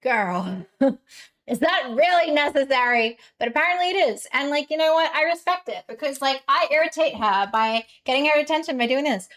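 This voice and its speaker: A woman's voice: sits high, fast talker, hardly any pauses, fairly bright tone. A young woman, chatting casually with her live-stream chat, giggly and full of fillers.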